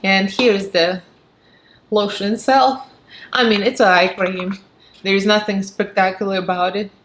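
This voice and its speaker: A woman's voice: mid-range voice, steady tone, measured pace. A woman with a Russian accent giving a chatty, frank and sarcastic product review, laughing often. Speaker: beauty vlogger.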